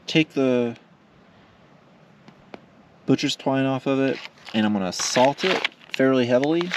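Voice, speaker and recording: A man vlogging casually while camping alone, talking slowly and loosely with lots of fillers. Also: lowish voice, background noise. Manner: slow, rambling, laid-back talk with many fillers. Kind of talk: casual solo camping vlog. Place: outdoors at a windy campsite.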